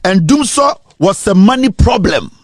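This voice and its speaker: Fiery Ghanaian man ranting in a lively high voice. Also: moderate pace, no room sound, clean studio sound. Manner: switches between English and Twi, repeats rhetorical questions, at times sing-song. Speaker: political commentator. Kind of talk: impassioned political rant.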